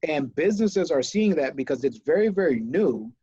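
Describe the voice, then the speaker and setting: A man co-hosting a casual business podcast, talking with enthusiasm and telling animated stories. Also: on the high side, normal speed, slightly rough, dry recording, dull audio. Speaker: podcast co-host, business owner.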